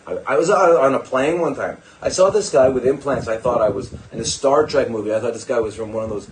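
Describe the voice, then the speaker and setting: A man's voice: mid-range voice, fast talker, a little hiss or hum, low-quality recording. An older man, a doctor hosting a live stream, talking in a digressive, sarcastic way with mocking asides to his viewers. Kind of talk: rambling live-stream talk.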